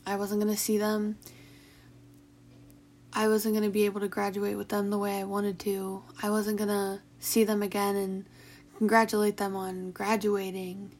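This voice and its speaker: Young woman vlogger, mid-pitch voice, emotional and halting, sighs between restarts. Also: completely flat delivery, a little mellow. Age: young adult. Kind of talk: personal confessional talk.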